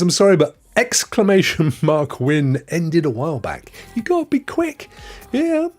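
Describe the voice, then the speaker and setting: Chatty man, husky and lively. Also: mid-range voice. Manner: chatty and jokey, answers chat messages by name. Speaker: live stream host reading viewer chat. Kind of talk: casual live chat.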